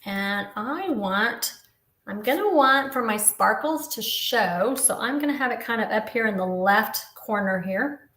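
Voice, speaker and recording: A woman's voice: fairly high pitch, lively intonation, unhurried, fairly bright tone, reverberant. A woman in her fifties casually demonstrating a papercraft project, explaining each step as she works. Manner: chatty, explains step by step while working. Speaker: papercraft instructor.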